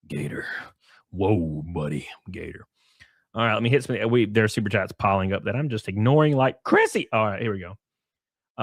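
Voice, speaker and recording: A man's voice: on the low side, a bit bright, no echo, studio quality. A man hosting a livestream, reading viewer messages aloud in casual, profane banter with frequent chuckles.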